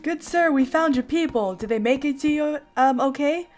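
A woman's voice: high-pitched, normal speed, a little mellow, a little hiss or hum, voice pushed up, natural voice. Woman reading as an earnest boy king. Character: earnest young boy king, polite and determined.

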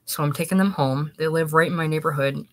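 A talkative middle-aged cab driver leans in with eager, persuasive patter, voiced by a man reading a story aloud. He keeps pushing his pitch without pause. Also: steady tone, natural voice.

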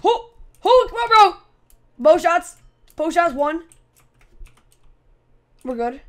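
A high-pitched woman giving gameplay commentary as a channel host. She talks in an excitable, chatty way and trash-talks her opponents playfully. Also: slow.

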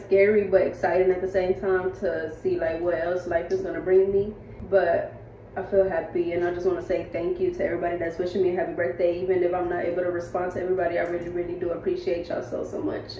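A woman's voice: lowish voice, far from the mic, a little hiss or hum. Chatty woman in her twenties, roomy. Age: 20s. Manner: chatty, heartfelt, talks straight to viewers. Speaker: vlogger. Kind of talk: casual vlog chat. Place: rented house indoors. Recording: roomy, slightly dull home audio.

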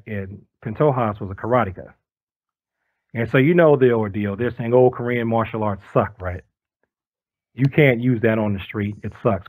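Man telling lively stories, dry sound. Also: fairly low pitch, no room sound, low-quality recording. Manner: lively storyteller who acts out quoted voices. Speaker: guest. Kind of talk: casual storytelling interview.

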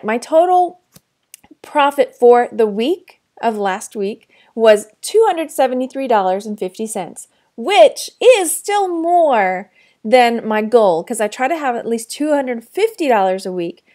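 Middle-aged woman from Texas, online reseller vlogging her weekly sales; casual, chatty, slightly high-pitched. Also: sing-song, measured pace. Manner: chatty, warm storytelling with frequent fillers and laughs.

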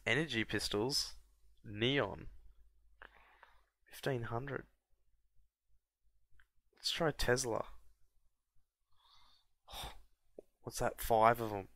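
A man from Australia, casually commentating a strategy game and often breaking into high excited yelps and laughs. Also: vocal fry, no echo. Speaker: gameplay commentator. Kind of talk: casual let's-play commentary.

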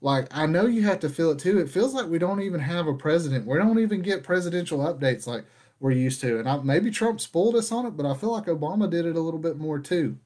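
A man's voice: fairly high pitch, lively intonation, fast talker, a little mellow. A man hosting a casual rant, talking in an exasperated, conversational way. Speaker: podcast host.

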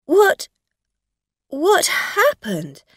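A woman's voice: very high voice, huge pitch swings, extremely slow, a bit bright, dry recording, clean studio sound, pitched above the performer's own voice, heavily acted. A woman voicing a frightened, tipsy woman driver who stammers and pleads. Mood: shocked.

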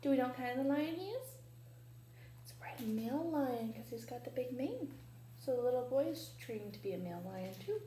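A woman librarian reading a children's storytime in a library, playful and animated, asking the children questions. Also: high voice, brisk, a little hiss or hum. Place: library room. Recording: echoey room, faint ambience.

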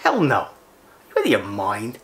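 A man's voice: wildly swooping pitch, normal speed, a bit bright. A middle-aged American man hosting a fishing channel, delivering a heated, indignant rant full of rhetorical questions. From United States. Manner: fired-up, indignant, swinging pitch, rhetorical questions. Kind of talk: heated ranting monologue.

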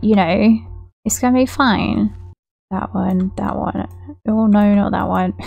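A woman's voice: medium pitch, vocal fry, dark tone, dry recording. A woman chatting casually through gameplay as a gaming YouTuber, rambling and giggly.

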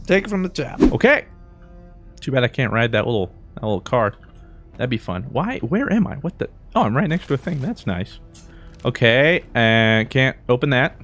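A man doing let's play commentary, excitable and jokey, switching between mumbled asides and high-pitched yelps. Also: moderate pace, soft background music. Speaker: gaming YouTuber.

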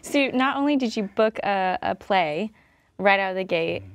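A woman's voice: mid-range voice, expressive, normal speed, no echo. A woman hosts an interview, and she asks her questions in an encouraging, admiring way. Her voice sits in the middle range and comes through dry and close. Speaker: interviewer and host. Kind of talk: casual interview chat.

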